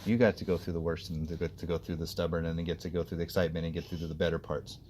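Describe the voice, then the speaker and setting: A man working as a dog trainer, coaching an owner outdoors in an animated, explanatory way. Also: low voice, very fast, a little hiss or hum. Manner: explanatory, animated, acts out the dog's thoughts.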